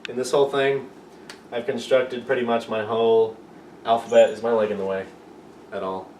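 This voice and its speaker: An amateur teacher's casual, joking lesson rambles as he pokes fun at himself. His voice is ordinary in pitch, level, somewhat mellow and at normal speed, picked up from a distance in an echoing room with faint hiss.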